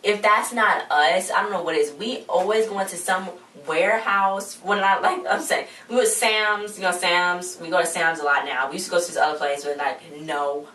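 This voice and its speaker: A woman's voice: lowish voice, steady tone, moderate pace, hardly any pauses, pushed and bright, slight background noise. A young woman chatting casually as a vlogger, recapping a TV episode in a rambling, slangy way and quoting the characters as she goes. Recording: echoey room, mic at a distance.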